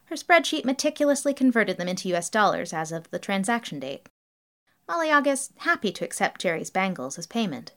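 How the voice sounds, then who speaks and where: Woman reading a story out loud, matter-of-fact, pitch moves a lot. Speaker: narrator.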